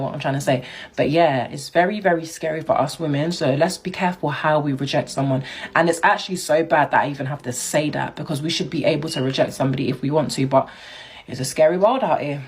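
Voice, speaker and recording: A woman's voice: low-pitched, animated, brisk, breathy edge. A young woman telling a personal story in a chatty, indignant way, laughing as she goes. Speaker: vlogger. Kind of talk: casual storytime.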